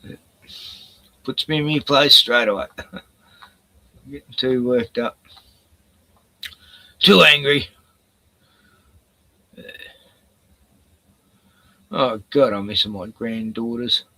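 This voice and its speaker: Slow gravelly older man. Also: medium pitch, bright, forceful tone. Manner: profane, chuckling, rambling to chat. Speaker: livestream host. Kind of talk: casual rambling livestream chat.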